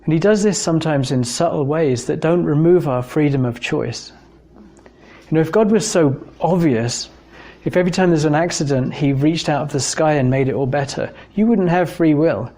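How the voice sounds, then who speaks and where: Speaking at a moderate pace, an English man with a warm voice on the high side gives an informal talk on evidence for God. He recounts personal stories in a thoughtful, conversational manner, using fillers often.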